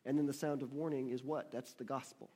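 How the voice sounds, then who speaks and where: A man delivers a church sermon in a husky, mellow voice. He reads scripture slowly and with weight, then checks in with his congregation through quick questions. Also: medium pitch, fairly even intonation. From United States. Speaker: pastor.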